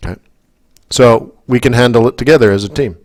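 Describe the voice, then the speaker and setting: Man from Canada, forex coach running live commentary, mid-range pitch, chatty and prone to heated tangents. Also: a little fast. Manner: rambling, talks in asides, keeps checking in with the audience; gets worked up and emphatic. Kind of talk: live market commentary webinar.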